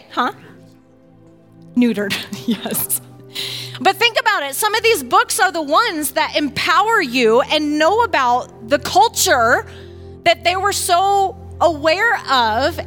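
Energetic and emphatic, a woman explains a point of faith in a casual teaching style, her voice high, bright and ringing. Faint music sits beneath her as she frequently slips into performing other people's words.

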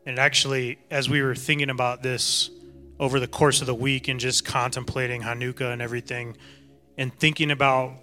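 A man reading scripture and giving a calm, reflective sermon to a congregation. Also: medium pitch. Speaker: co-teacher in a congregation.

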